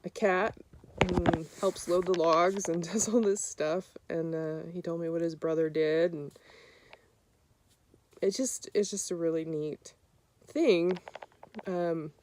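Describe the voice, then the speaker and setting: A woman telling a story of her own hunting trip in a casual, halting way, with many fillers and restarts. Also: fairly low pitch, a little mellow, a little hiss or hum. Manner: re-enacts other people's lines in a raised voice.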